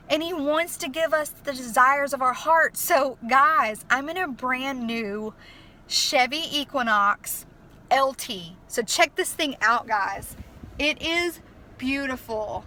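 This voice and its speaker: A woman's voice: sits high, slow pace, bright, forceful tone. A young woman telling a story in a casual vlog, chatty and emotional, with lots of fillers. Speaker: vlogger. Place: inside a car.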